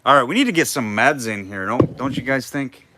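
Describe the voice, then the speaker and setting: A man's voice: mid-range voice, animated, a little fast, noisy background. A man running a live online auction, calling bids and chatting casually with viewers between lots. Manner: chatty, jokey, reads out bids and names viewers.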